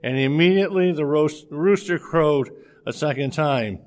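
A man reading a scripture passage aloud in a steady, measured way, with a few slips. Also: a little high.

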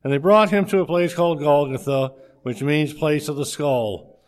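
A man reading a scripture passage aloud in a steady, measured way, with a few slips. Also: on the high side.

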